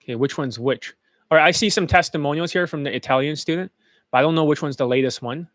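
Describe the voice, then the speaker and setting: A man's voice: on the high side, fast, fairly bright tone, dry recording, studio quality. A man coaching students in dating, talking bluntly and profanely over testimonial clips in a loose, rambling way.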